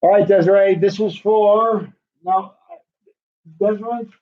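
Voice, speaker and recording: In an unhurried, steady tone, a high-voiced man runs a relaxed livestream, meandering through a warm sales pitch for signed hot sauce. The sound quality is muffled, dull and lo-fi.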